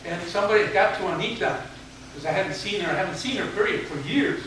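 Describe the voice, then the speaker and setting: Quick-paced and fairly bright in tone, this high-voiced retired teacher in his seventies tells a humorous, folksy story in a speech to students, with a bit of mild swearing. Recorded from far away in a large, echoey hall with an audience, the audio carries background noise.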